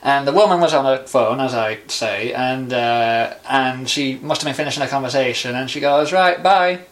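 A man's voice: mid-range voice, normal speed. A young man telling stories in casual chat, rambling with lots of fillers.

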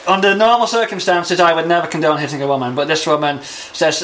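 A man's voice: on the high side, fairly even intonation, fast talker, fairly bright tone, slight background noise. Rambling mock-indignant man. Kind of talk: casual banter.

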